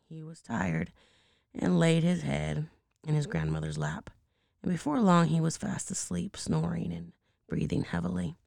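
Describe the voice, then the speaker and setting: A hoarse woman reading a bedtime story aloud in a slow, measured way, dropping into hushed asides. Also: deep voice, big pitch swings, dry recording.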